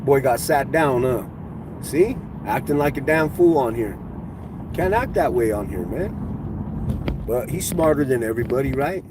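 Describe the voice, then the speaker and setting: A man hosting his own livestream talks in a loose, profane rant, mocking and taunting people as he goes. His voice sits at an everyday medium pitch. Car and street noise carry clearly behind him. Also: animated, moderate pace. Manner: profane, mocking trash talk. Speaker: livestream host.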